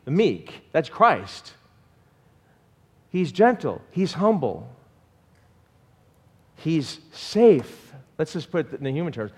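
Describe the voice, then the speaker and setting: A man preaching a sermon in an animated way and asking the congregation questions. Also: fairly high pitch, slow pace, long pauses, slightly rough, big-room sound. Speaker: pastor.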